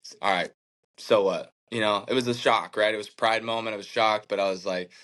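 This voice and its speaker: A man's voice: on the low side, fairly even intonation, quick pace, sharp tone, rough recording. A man in his thirties, a professional athlete as interview guest, telling his story earnestly and reflectively, with many fillers like "like" and "man". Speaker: professional baseball pitcher, guest.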